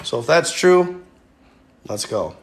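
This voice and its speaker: Guy rambling on his livestream, lots of ums, kinda gravelly, talks to you guys. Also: on the high side, sing-song, takes it slowly. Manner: rambling, many fillers, addresses viewers as you guys. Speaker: livestream host. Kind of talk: casual livestream chat.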